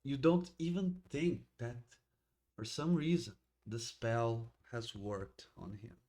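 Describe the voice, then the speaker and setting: Male game master, slow halting narration, plenty of restarts. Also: medium pitch, steady tone, warm tone. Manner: halting, with frequent restarts and laughter.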